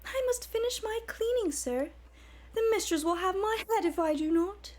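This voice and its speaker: Woman putting on a high, bashful lizard-woman maid. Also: lively intonation, moderate pace, a little mellow. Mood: coy. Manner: breathy, bashful, high and fluttery. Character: coy young female lizard-folk maid. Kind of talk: comic dramatic reading.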